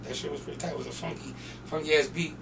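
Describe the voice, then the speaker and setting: Gravelly young man telling animated stories. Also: on the high side, racing. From North Portland, Oregon, US. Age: young adult. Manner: animated, profane storytelling full of acted-out quotes. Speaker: guest rapper. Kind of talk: casual storytelling interview. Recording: distant mic with noisy background.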